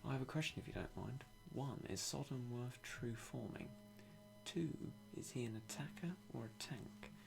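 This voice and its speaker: A young British man streaming a game, talking in a hushed, half-whispered way with dry self-mocking humour. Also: mid-range voice, expressive, normal speed, vocal fry, over music. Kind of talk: quiet live-stream game commentary.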